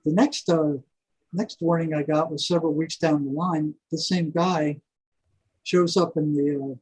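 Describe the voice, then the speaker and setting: An older man telling a long story in a rambling, animated way, full of fillers and asides. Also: a little high, measured pace, slightly rough, low-quality recording. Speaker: guest, former prison psychology worker. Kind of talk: casual storytelling interview.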